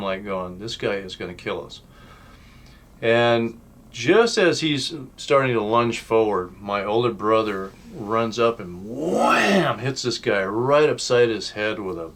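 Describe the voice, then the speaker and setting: Man, lowish voice, blunt storyteller, loud then hushed, casual spoken telling. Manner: blunt, colloquial, swings between loud and hushed. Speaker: channel host telling his life story.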